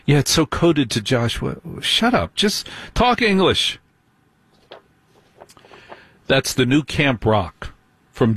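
Husky guy ranting about celeb gossip, dry close sound, mocking tone. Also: medium pitch, dry recording. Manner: mocking, scornful asides. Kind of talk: sarcastic celebrity gossip commentary.

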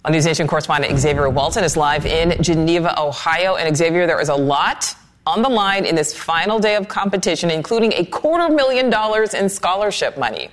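A woman anchoring a television newscast, reading the headlines in a crisp, measured way. Her voice sits a little lower than most women's. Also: expressive. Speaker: news anchor. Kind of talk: scripted news reading.

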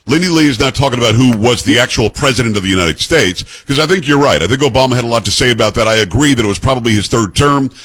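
A man's voice: mid-range voice, quick pace, few pauses, a bit bright, slightly rough. A man hosting a call-in radio talk show, opinionated and emphatic as he argues points with callers. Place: radio studio.

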